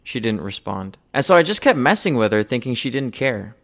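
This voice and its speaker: A young man telling a personal story from his childhood in an earnest, measured way, going quiet on the painful moments. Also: medium pitch, very animated, vocal fry. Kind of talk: personal spoken-word storytelling.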